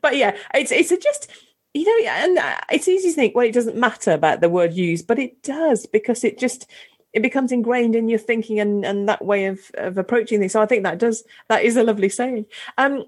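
A woman's voice: fairly high pitch, a little fast, slightly rough. A middle-aged woman host asking questions in a hesitant way, often restarting and searching for words. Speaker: interviewer, host. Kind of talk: conversational interview.

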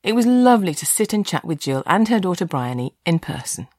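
A woman's voice: fairly low pitch, very animated, brisk, darkish tone, studio quality. A woman hosting a podcast, chatting casually and poking fun at herself, recorded at a busy show. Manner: chatty, self-deprecating, acts out voices. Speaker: podcast host. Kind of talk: casual on-location chat. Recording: busy crowded exhibition hall.

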